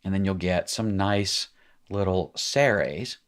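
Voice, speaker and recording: Man, low voice, unhurried; patient teacher walking students through exercises. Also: animated. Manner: slow, patient explaining with asides and chuckles. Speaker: Hebrew teacher. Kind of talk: recorded lesson.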